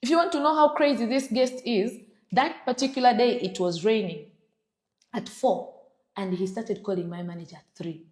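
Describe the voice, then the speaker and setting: A woman, a business owner telling a story in an interview, animated and acting out voices. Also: a little high, normal speed. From Uganda. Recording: roomy echo.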